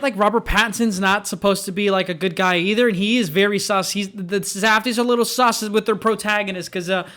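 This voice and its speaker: Young man, film reviewer, high voice, bright tone, rambling casual chat. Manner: rambling, many fillers and restarts. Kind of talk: casual movie review vlog.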